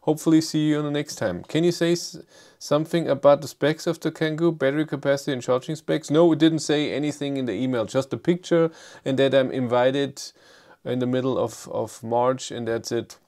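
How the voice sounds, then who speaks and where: A middle-aged man with a German accent hosting a live stream. He answers viewer comments in a casual, halting way, with many fillers and restarts, and reads chat questions aloud. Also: mid-range voice, steady tone, a little mellow. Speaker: livestream host.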